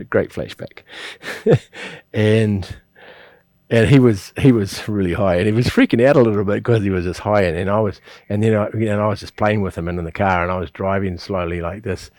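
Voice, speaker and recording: A man's voice: on the low side, normal speed, long pauses, darkish tone, no room sound. A middle-aged man, teaching a qigong class and telling rambling stories with chuckles and restarts. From New Zealand. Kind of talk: instructional class with personal storytelling.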